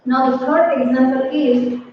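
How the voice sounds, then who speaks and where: A woman teaching a grammar lesson to students, speaking slowly and deliberately and repeating key words. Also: high voice, level tone, a little hiss or hum. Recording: roomy, echoey, distant, dull audio.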